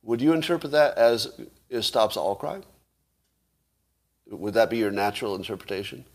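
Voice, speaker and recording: A man's voice: medium pitch, expressive, a little fast, creaky, pauses often, a little mellow. A man hosting a casual livestream, arguing his point and throwing rhetorical questions at viewers, with the odd chuckle. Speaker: livestream host.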